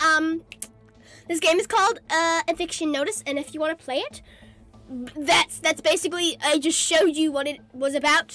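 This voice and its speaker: A woman doing casual gaming commentary, excitable and slangy, squealing at her wins. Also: high-pitched. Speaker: gaming video creator.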